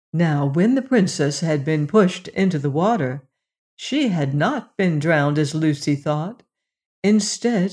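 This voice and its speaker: A storyteller giving a measured, scripted reading of a fairy tale. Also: medium pitch, a little mellow.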